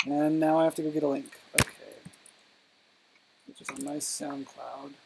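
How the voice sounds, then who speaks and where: A man's voice: on the high side, flat delivery, moderate pace, creaky, background noise. A man co-hosting a casual live question-and-answer session, reading questions and thinking aloud with frequent hesitations. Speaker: co-host answering viewer questions.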